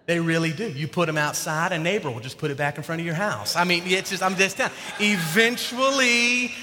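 In a church sanctuary, a pastor with a fairly high-pitched voice preaches to his congregation at a quick pace, chatting and joking with the people before him. The background is noisy and the recording carries a long hall reverb.

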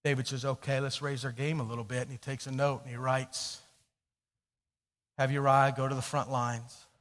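A man preaching a sermon, telling a story and swinging from hushed, low passages to loud, emphatic questions. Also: little pitch movement, normal speed. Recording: long hall reverb.

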